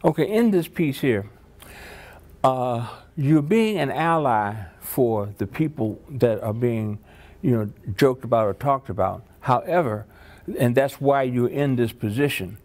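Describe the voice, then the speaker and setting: Male workshop trainer, encouraging and upbeat, mid-pitched voice, coaching a group exercise. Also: unhurried, a little mellow.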